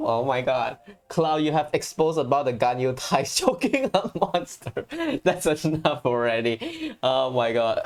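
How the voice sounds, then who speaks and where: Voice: medium pitch, sing-song, measured pace, darkish tone, faint music behind. Rambling, joking game streamer. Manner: rambling, with many restarts and stammered repeats; joking and self-mocking. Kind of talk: casual livestream reaction commentary.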